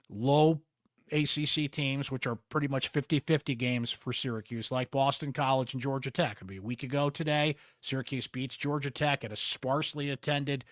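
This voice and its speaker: A man's voice: mid-range voice, fairly bright tone, dry recording. A man with a Central New York accent hosting a postgame sports podcast, chatty and candid with wry asides, close on the mic.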